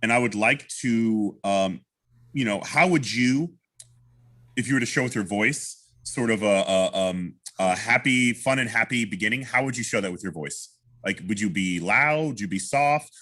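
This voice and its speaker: A man teaching an online singing masterclass, coaching a student with lots of restarts and sung examples. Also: normal speed. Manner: animated, demonstrates lines by singing them high; many restarts and repeated words. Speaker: opera singer teaching a masterclass. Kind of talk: vocal coaching.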